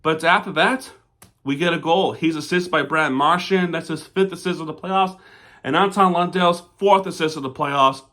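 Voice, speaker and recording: A man's voice: a little high, normal speed, bright, forceful tone. A man recapping a hockey game as a devoted fan, talking casually about the plays and turning to angry, swearing rants at the referees. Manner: fan of the team, says "we" and "our". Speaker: sports fan recap vlogger.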